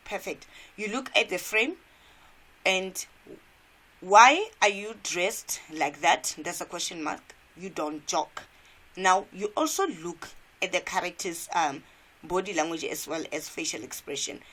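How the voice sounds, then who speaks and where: A woman's voice: on the low side, a little slow, bright, forceful tone. A woman from South Africa, an English teacher, walking students through a cartoon step by step in a revision lesson and asking them questions.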